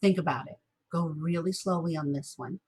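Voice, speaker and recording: A woman music teacher giving a recorded lesson, patiently encouraging students and chanting rhythm syllables slowly. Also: sits low, darkish tone, breathy edge.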